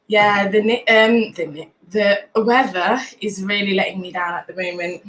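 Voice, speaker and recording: A woman's voice: mid-range voice, fairly even intonation, normal speed, few pauses, fairly bright tone, a little hiss or hum, rough recording. A woman in her late twenties from Nottingham with a Nottingham accent, hosting a casual livestream, chatting, laughing often and greeting viewers by name. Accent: Nottingham English. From Nottingham, England. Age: late 20s. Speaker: livestream host.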